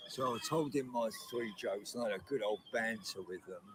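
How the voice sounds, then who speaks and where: A man's voice: medium pitch, a little fast, noisy background. Rambling older man telling a story. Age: 70s. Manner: rambling, chatty storyteller with restarts. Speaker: guest comedian. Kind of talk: casual anecdote telling. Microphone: video call.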